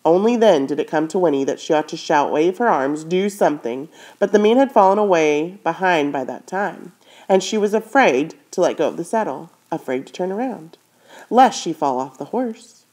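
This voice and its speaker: A woman's voice: on the low side, expressive, normal speed, darkish tone. A woman reading a children's novel aloud chapter by chapter, stopping to comment on the story and correcting her own slips as she goes. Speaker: reader.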